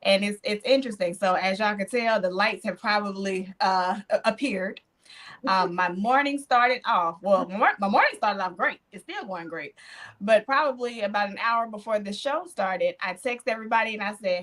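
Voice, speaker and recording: A woman hosts a casual podcast, her voice sitting at an ordinary middle pitch. She tells stories in an animated way and drops in churchy affirmations as she goes. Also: normal speed. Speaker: podcast host.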